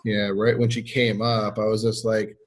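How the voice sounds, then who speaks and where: A man's voice: fairly low pitch, little pitch movement, moderate pace. A young man telling a story as a podcast guest, easygoing and a bit shy. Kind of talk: casual storytelling.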